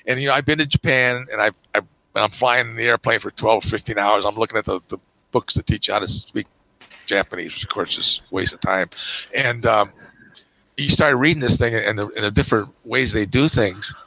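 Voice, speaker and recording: Older man, gravelly, emphatic storyteller. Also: brisk, no echo, rough recording. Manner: emphatic storyteller with lively pitch jumps and frequent "okay"s. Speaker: podcast guest, camera magazine publisher. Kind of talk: casual podcast chat.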